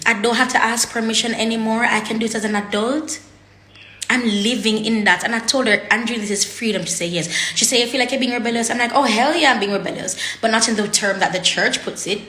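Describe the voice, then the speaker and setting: Fast-talking and sharp-toned, a woman with a fairly high voice speaks candidly to her camera audience, cursing freely and getting emotional. She's blunt and repeats herself often while searching for words, in a room with echo.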